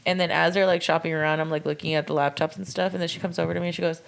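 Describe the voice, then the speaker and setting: A woman's voice: low voice, level tone, rapid-fire, gravelly, few pauses. A woman co-hosting a podcast, telling stories in casual chat with loose swearing. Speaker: podcast co-host.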